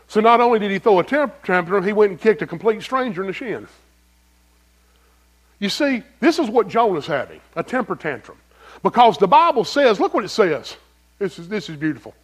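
Pastor, male, high lively voice, folksy preaching, direct questions to the pews. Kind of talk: sermon.

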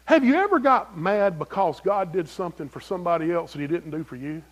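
A man preaching a sermon as pastor, folksy and animated, asking the congregation questions. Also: high-pitched, fairly quick.

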